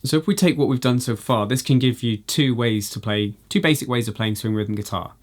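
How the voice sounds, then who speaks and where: A man teaching a jazz guitar lesson, explaining in a relaxed way with frequent "you know" fillers. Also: medium pitch, fairly quick. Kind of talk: instructional video lesson.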